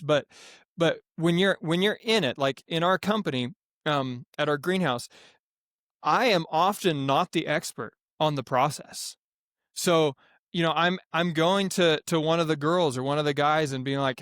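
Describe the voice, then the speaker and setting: A man who runs a greenhouse farm, talking in a casual podcast interview, rambling with many restarts and turning animated when he quotes others. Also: fairly high pitch, a little slow, no room sound, clean studio sound. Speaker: greenhouse farm owner, guest.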